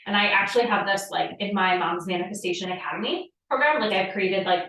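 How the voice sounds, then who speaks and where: A woman's voice: medium pitch, fast, a bit bright. Casual, cursing woman coaching from afar. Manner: casual, profane, filler-heavy with frequent "like". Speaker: podcast host and manifestation coach. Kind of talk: live spiritual coaching talk. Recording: echoey room, distant from the mic.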